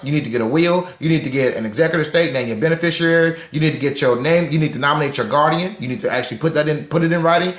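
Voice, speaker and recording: A young man hosting a live talk room on money, lively and preachy, repeating lines for emphasis and greeting listeners by name. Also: a little high, echoey room. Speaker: host of a live social audio room on personal finance.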